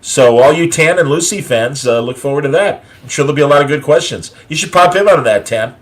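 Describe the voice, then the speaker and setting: A man's voice: on the high side, animated, brisk. Rambling man hosting a casual chat. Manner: rambling, filler-heavy listing with frequent uh and restarts. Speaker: podcast host.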